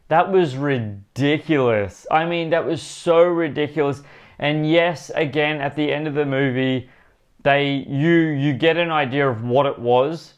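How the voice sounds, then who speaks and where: Man, movie reviewer, casual vlog talk, rambling, emphatic, mid-pitched voice, repeats himself, speaks to viewers directly. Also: clear, resonant tone, highs cut off. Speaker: movie reviewer and channel host.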